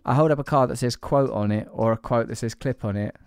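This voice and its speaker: A man's voice: mid-range voice, quick pace, creaky, no room sound. Podcast host guy, rambly and jokey, lots of uh and like, dry close sound. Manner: rambling, jokey and teasing, with many fillers. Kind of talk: casual podcast chat.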